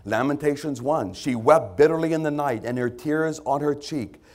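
A man pastor delivering a conversational sermon to his congregation, breaking now and then into loud put-on voices. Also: fairly high pitch, moderate pace.

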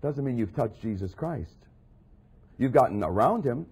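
Husky man preaching with dramatic swings. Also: mid-range voice, expressive, moderate pace. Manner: dramatic, swings from quiet asides to loud acted quotes of Jesus. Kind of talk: sermon.

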